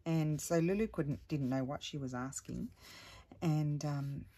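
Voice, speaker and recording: A middle-aged woman chatting at home as a crafting vlogger, telling a rambling story with many restarts and sometimes dropping to a hushed voice. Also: low voice, measured pace. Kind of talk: casual chat while crafting.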